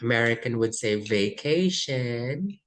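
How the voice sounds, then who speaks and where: A woman runs a vocabulary lesson for test prep. She speaks slowly and deliberately, reading out word pairs and adding quick Tagalog asides. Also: extremely low pitch, expressive, rough recording. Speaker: English test coach.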